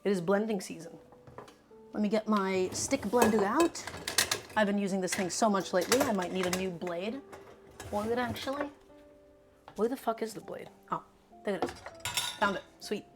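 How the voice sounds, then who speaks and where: A woman's voice: medium pitch, moderate pace, long pauses, music in the background. A woman cooking live in her home kitchen, casually chatting to her viewers in an upbeat, talkative way. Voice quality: chatty, upbeat, talks to the chat directly. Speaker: cooking streamer.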